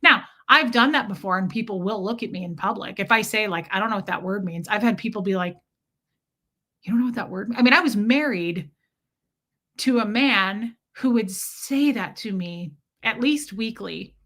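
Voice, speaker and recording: A woman's voice: medium pitch, normal speed. A middle-aged woman chatting candidly on her live stream, answering viewer comments and swearing freely as she talks about her ex. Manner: candid and animated, swears, mocks a condescending ex in quoted voices.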